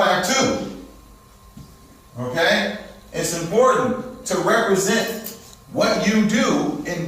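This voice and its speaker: This credit repair class is a live seminar lecture by a man whose voice sits high with a fairly bright tone. He checks in with listeners after nearly every point, often saying "okay?" or "all right?", and he is recorded from far away in a very echoey room.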